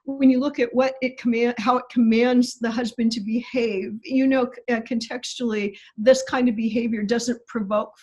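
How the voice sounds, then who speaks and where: A woman's voice: a little high, steady tone, moderate pace, hardly any pauses, a little mellow, slightly rough, rough recording. A woman guest on a podcast, explaining Greek grammar precisely and stressing key words.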